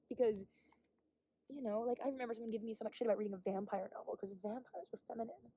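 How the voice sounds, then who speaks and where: A woman's voice: a little high, steady tone, fast talker, mellow, no room sound. Candid young woman rambling on a hike. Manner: rambling, candid, swears often; drops to a whisper at times. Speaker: vlogger. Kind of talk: casual vlog monologue. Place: outdoors on a hiking trail.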